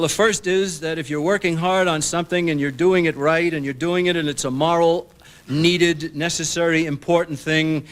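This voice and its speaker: A man, an author, giving a public lecture to an audience, folksy and emphatic, acting out what others said in lively asides. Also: on the high side. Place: public library lecture hall. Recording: 1990s broadcast recording.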